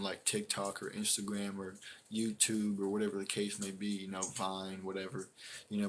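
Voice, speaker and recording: A man tells a story to his live stream audience in an easygoing, rambling way, full of fillers and restarts. His voice sits somewhat low, and he acts out what others said along the way. A faint background hiss runs under the recording. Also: fairly bright tone.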